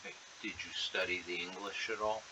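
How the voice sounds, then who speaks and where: A man, a parent checking in, gently asking short questions about homework and bedtime. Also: sits low, fairly even intonation, fairly quick, breathy edge, rough recording.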